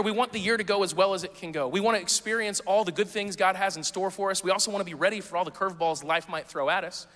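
A man preaching a sermon as pastor, conversational and playful, with quick asides to the congregation. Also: high voice, pushed and bright. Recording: long hall reverb.

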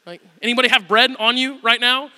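Bright-voiced man preaching in a hall. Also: high-pitched, fairly quick. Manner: animated storytelling, acts out quotes. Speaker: pastor. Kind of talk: sermon.

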